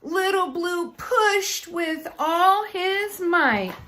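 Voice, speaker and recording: Woman storybook reader, high voice that swings widely, playful animal and truck sounds. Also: animated, very slow, pushed and bright. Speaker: children's book reader. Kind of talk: reading a picture book aloud.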